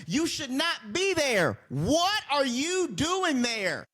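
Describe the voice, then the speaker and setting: Man ranting, high lively voice. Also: slow pace. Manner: heated, profane, rambling and repetitive. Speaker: wrestling commentary vlogger. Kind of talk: casual ranting video commentary.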